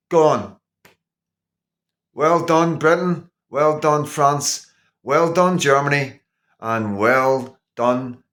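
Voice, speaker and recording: A man's voice: fairly high pitch, fairly bright tone. A man vlogging an indignant, sarcastic political rant, repeating himself for emphasis. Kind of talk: ranting political monologue.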